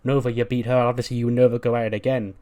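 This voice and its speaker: A man's voice: mid-range voice, flat delivery, very fast, dark tone, lightly acted. A man voicing a brash, cocky female wrestling champion who trash-talks and swears, read aloud while playing a wrestling management game. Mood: encouraging.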